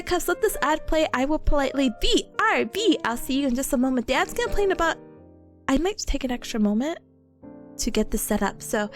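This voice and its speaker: A bubbly, giggly American woman hosts a casual livestream chat with her viewers. Her voice sits high and swoops up and down a lot, with soft music playing faintly underneath. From United States.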